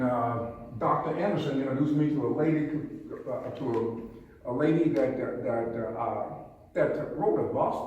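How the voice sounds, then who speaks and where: An older Southern man with a somewhat high, slightly mellow voice speaks as a police chief to an audience in a museum hall, telling stories, offering homespun sayings, and putting questions to the crowd. The folksy talk is picked up from across the room, with echo and faint room noise.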